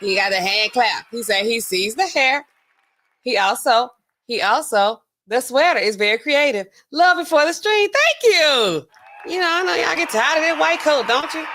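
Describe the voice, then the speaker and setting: A woman's voice: fairly high pitch, normal speed, a little hiss or hum. Chatty woman hosting a livestream. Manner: chatty, animated, speaks to her chat, frequent fillers. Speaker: pharmacist livestream host. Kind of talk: casual livestream commentary.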